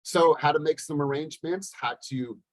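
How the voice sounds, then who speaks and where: A man hosting a team coaching call from a hotel room, telling a story with animated, acted-out dialogue. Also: a little high, moderate pace, no room sound, poor audio. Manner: animated, acts out both sides of a dialogue. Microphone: laptop or webcam on a video call.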